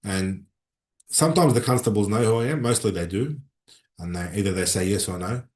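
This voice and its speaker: A middle-aged man with an Australian accent hosting a casual livestream from a room in a consulate, chatting and reading out viewer comments in an animated, rambling way. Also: lowish voice, fairly quick. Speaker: livestream host. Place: room inside a consulate building. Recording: roomy echo.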